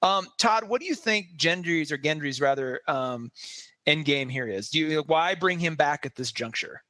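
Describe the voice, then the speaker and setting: A man co-hosting a casual podcast chat, animated and laughing as he acts out characters' lines. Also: on the high side, moderate pace, no echo. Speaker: podcast co-host.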